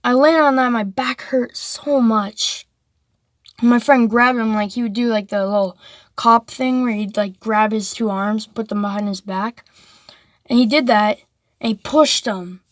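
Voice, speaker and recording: Rambling high-voiced female storyteller. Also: fairly even intonation, measured pace, no room sound, clean studio sound. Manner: rambling, full of "like" and restarts. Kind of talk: casual storytelling.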